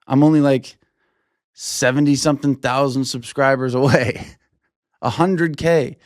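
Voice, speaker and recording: A man's voice: mid-range voice, fairly even intonation, measured pace, dry recording, clean studio sound. A man hosting a solo sports podcast, ranting in a blunt, fired-up, profane way. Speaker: podcast host.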